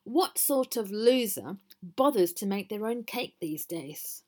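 A woman voicing a cross, sulky male troll who shouts and jeers from under his bridge, in a storybook reading. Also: medium pitch, fairly quick, lightly acted. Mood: jeering. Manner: shouty and jeering.

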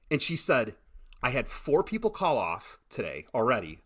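A middle-aged man chatting casually on a podcast, telling animated stories with many repeated starts. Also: medium pitch, normal speed. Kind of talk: casual chat.

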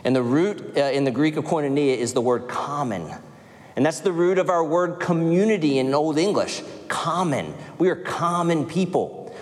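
A man's voice: on the high side, darkish tone. Man preaching in an echoing hall. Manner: earnest preaching with rhetorical questions. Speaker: pastor. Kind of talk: sermon. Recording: long hall reverb.

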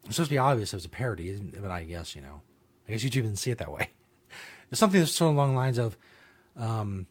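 A man's voice: fairly low pitch, very animated, quick pace, pauses often, husky. A man hosting his own talk show, rambling casually with lots of fillers, restarts and swearing. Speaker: show host. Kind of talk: casual podcast monologue.

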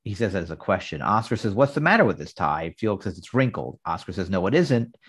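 Man briskly recapping a sitcom scene. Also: sits low, sing-song, slightly rough. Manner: reads out dialogue in a brisk recap. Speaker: podcast co-host. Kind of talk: casual chat, recapping an episode.

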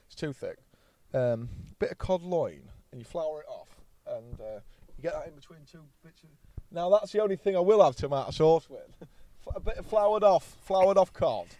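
A man's voice: a little high, expressive, normal speed, warm tone. A man, a podcast guest telling rambling anecdotes bluntly and swearing freely. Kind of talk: casual storytelling chat.

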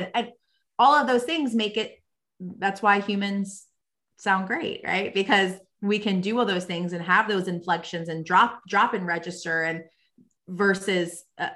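A woman's voice: medium pitch, a bit bright. A woman hosting a podcast, talking in a casual, enthusiastic way with many restarts. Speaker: podcast host. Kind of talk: casual interview conversation.

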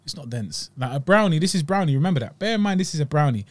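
A young man, chatting casually on a podcast, animated and slangy, laughing as he talks. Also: on the high side, quick pace. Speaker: podcast co-host. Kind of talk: casual chat reviewing desserts.

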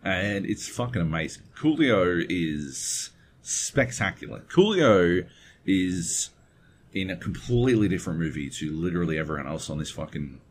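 Male podcast co-host, very low voice, profane and digressive, faint background hiss. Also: very animated, moderate pace. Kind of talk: casual chat. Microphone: webcam setup at home desk.

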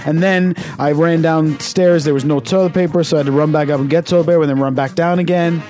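A man's voice: a little high, fairly even intonation, quick pace, dark tone. A man co-hosting a podcast, wry and profane, addressing listeners with mock-formal sign-offs. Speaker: podcast co-host. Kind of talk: crude casual banter. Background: music.

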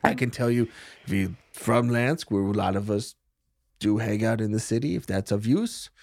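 A man's voice: on the low side, normal speed, vocal fry, darkish tone, no echo, clean studio sound. A man voicing an overly polite, stranded male medic with a cold who rambles and sniffles. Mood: chatty.

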